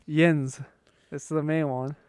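A man's voice: on the high side, level tone, measured pace, a little mellow, clear, resonant tone, dry recording, clean studio sound. A young man from Pittsburgh with a Pittsburgh accent, co-hosting a casual chat in an easygoing way and laughing often. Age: young adult. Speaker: co-host.

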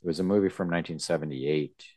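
Deep-voiced man, casual co-host. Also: quick pace, no room sound, clean studio sound. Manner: relaxed, rambling, many likes. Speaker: podcast co-host. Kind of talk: casual chat.

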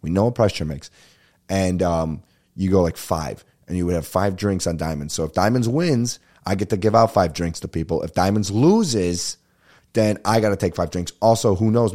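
Deep, mellow-voiced laid-back podcast host. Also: male voice, normal speed. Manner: rambling, swearing, laid-back. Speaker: podcast host and stand-up comedian. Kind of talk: casual solo podcast chat.

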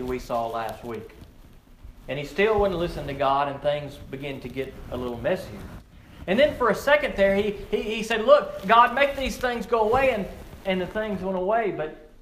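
A man delivers a sermon in a slightly high voice, earnest and plain-spoken. He repeats words and phrases as he builds to emphatic, louder peaks, then drops back low. The room is echoey, with a faint hum of ambient noise behind him. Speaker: preacher. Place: outdoor or open church setting with frog croaking nearby.

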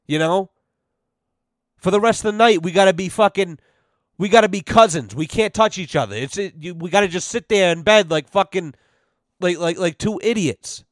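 Young guy ranting on his podcast, swears a lot, kinda high voice, dead dry mic. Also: moderate pace, no echo. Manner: profane, rambling, sarcastic, lots of "you know". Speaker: podcast host. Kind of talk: casual comedic rant.

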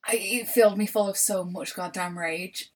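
A woman's voice: medium pitch, fairly even intonation, normal speed, a crowd in the background. A young woman co-hosting a podcast in casual chat, rambling and swearing with frequent restarts. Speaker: podcast co-host.

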